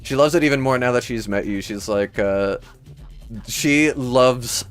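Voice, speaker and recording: With faint music behind him, a livestream host talks a little slowly in a mid-range voice. He's from Michigan, has a Midwestern American accent, and rambles through casual chat with viewers, laughing often.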